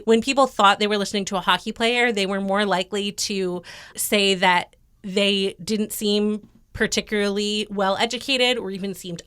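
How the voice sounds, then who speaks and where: A woman's voice: medium pitch, fairly bright tone, clean tone, no echo, studio quality. A young woman co-hosting a podcast, explaining research in a casual, chatty way and laughing often. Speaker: podcast co-host. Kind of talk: casual chat.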